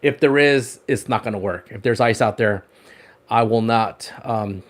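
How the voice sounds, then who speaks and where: A man's voice: lowish voice, unhurried. A man hosting a fishing livestream in casual chat, showing off his rod wraps, often repeating words and laughing.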